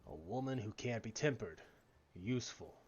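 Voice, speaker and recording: A man voicing a skeptical guard captain in a game, speaking in a stern, curt, measured way in a dull lo-fi recording. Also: lowish voice, animated, a little mellow, slight background noise, natural voice. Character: gruff skeptical male guard captain, blunt. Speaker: streamer reading game dialogue.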